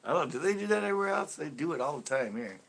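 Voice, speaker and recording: A man's voice: fairly high pitch, very animated, racing, creaky, a bit bright. A man from California, hosting a fishing channel in casual livestream chat, ranting loosely and swearing freely.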